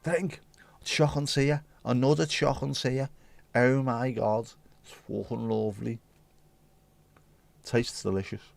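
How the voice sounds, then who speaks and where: A man's voice: medium pitch, steady tone, slow, gravelly, long pauses, slight background noise. A man hosting a livestream, chatting to viewers in a rambling, jokey way and swearing casually. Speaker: livestream host.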